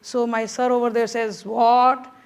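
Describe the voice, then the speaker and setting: Woman speaker with a high voice, telling a lively anecdote at a conference. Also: normal speed. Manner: animated, acts out quoted voices, laughs while telling. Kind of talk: motivational storytelling talk. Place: conference hall stage.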